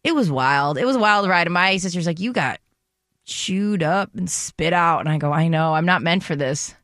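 A woman tells a story on a radio show in a bright, forceful voice. She acts out the voices of the people in her story. The studio sound is dry. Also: on the low side, lively intonation, moderate pace, no room sound. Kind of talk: casual storytelling chat.

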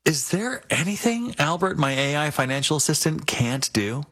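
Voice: mid-range voice, very animated, normal speed, fairly bright tone. A customer in a radio ad, asking questions in a casual, upbeat way. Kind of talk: radio ad dialogue.

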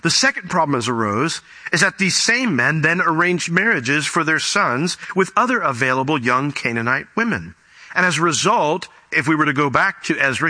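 Bright-voiced male pastor preaching. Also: on the high side. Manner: expository preaching with scripture reading and asides. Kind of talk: sermon.

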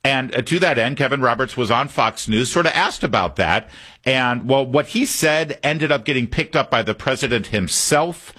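A man's voice: medium pitch, expressive, moderate pace, bright, forceful tone, breathy edge. A man hosting a talk radio show, chatting casually and reading an ad himself.

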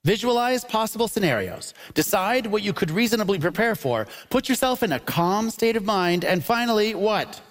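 A man hosting a comedy debate show, upbeat and quick to laugh, with a mock-announcer delivery. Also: high voice. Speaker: game show host. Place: stage before a live audience. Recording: lively crowd and loud noise behind.

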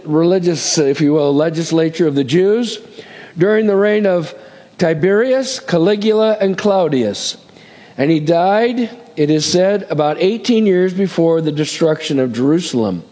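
High-voiced preaching pastor in a reverberant hall. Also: male voice, darkish tone. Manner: conversational preaching with asides and "amen?" checks. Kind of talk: sermon.

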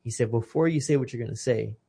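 A man's voice: medium pitch, fast, vocal fry, warm tone, slightly rough. A man in his thirties, a retired boxer from Texas, telling an emotional personal story in a casual interview, earnest and full of restarts.

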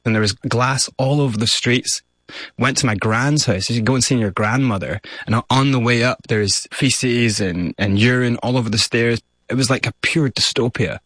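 A man's voice: mid-range voice, normal speed, fairly bright tone, dry recording. A man with a Scottish accent, raised partly in South Africa, candidly recounting his life as an interview guest. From Scotland, raised in South Africa. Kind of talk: personal storytelling.

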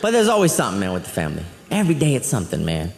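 A man doing a live stand-up routine, telling stories with an animated, exasperated delivery. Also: lowish voice, racing, gravelly, background noise. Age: adult. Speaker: stand-up comedian. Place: comedy club stage. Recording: reverberant hall, faint audience.

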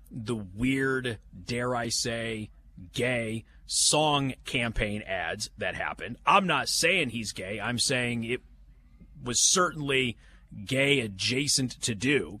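A man's voice: mid-range voice, bright, forceful tone. A man hosting a live talk radio show from an event venue, chatting in a folksy, opinionated way with sarcastic asides. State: has the hiccups. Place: live remote broadcast from a banquet venue.

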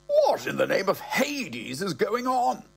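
Plummy older Irish gent, pompous and easily flustered, voice pushed up high, put on by a husky male narrator. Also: huge pitch swings, slow, full character voice. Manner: plummy, old-fashioned exclamations. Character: pompous posh older man, doting and flustered.

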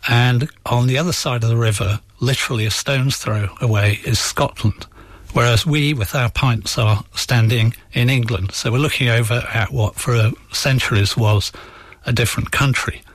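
A man, an author, telling a story as a guest on a radio interview, in a measured, thoughtful way. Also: mid-range voice, no room sound. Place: near where England and Scotland meet.

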